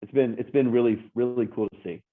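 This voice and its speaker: A man's voice: mid-range voice, fairly even intonation, fast talker. Upbeat man over a tinny line. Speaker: coworking space co-owner. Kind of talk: casual interview answers.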